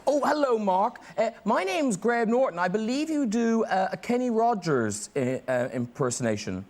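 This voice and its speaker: A man's voice: sits high, sing-song, moderate pace, a little mellow. Teasing man hosting a chat show. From Ireland. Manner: teasing, laughing often. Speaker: talk show host. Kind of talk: playful chat show banter. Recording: studio audience and noise.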